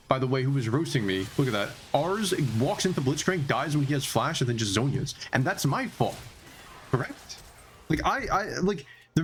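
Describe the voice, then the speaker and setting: A man giving heated, exasperated commentary over his own gameplay footage. He talks in restless pitch swings and packs his speech with filler words. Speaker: gamer reviewing his own matches.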